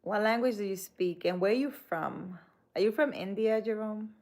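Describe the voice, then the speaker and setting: This spiritual reader, a woman on a live stream, has a medium-pitched voice at normal speed. She answers comments in a casual chat, soft-spoken and a bit hesitant.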